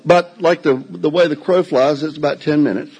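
An older man with a drawl spins a story for a live audience indoors. His voice is husky and a little worn. He tells it in a folksy, self-mocking way. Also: a little high, steady tone, normal speed, darkish tone, rough recording.

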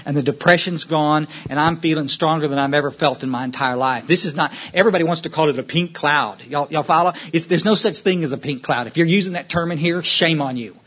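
Man, husky voice, a bit high-pitched, podium talk, emphatic, repetitive restarts. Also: fast, few pauses, fairly bright tone. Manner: preachy, repeats words on restarts, asks the room to follow. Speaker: speaker at a recovery meeting. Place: meeting room, speaking from a podium.

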